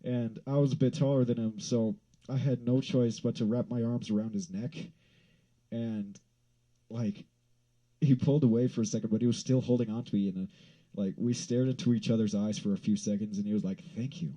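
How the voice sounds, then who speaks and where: A man from Wyoming telling a rambling, profane story in a casual vlog, swinging into loud exasperated rants. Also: mid-range voice, fairly even intonation, a little fast, poor audio.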